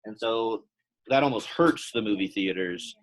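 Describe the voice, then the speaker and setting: A young man teaching a Latin class in a relaxed, chatty way, with plenty of fillers. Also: fairly low pitch, unhurried, poor audio. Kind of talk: casual classroom lesson.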